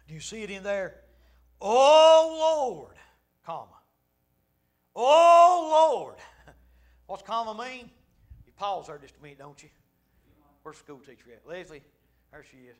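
A middle-aged man preaching a Baptist sermon in his church, with a high-pitched voice. He drops to hushed, near-whispered lines, then climbs to loud hollering. He keeps calling on the congregation for amens. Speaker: Baptist pastor. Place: church sanctuary.

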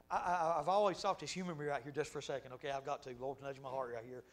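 A man preaching a sermon, swinging from hushed asides to loud, laughing exclamations. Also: a little high, steady tone, fairly quick.

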